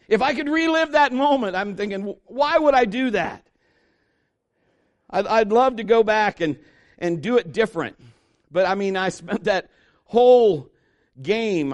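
A middle-aged man, a pastor, preaching a sermon with animated storytelling, acting out the voices of the people he quotes. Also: sits high, normal speed.

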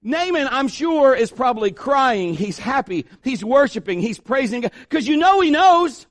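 A male pastor preaching a sermon in an animated, joking way, acting out the voices of the people he talks about. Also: very high voice, normal speed, no echo, clean studio sound.

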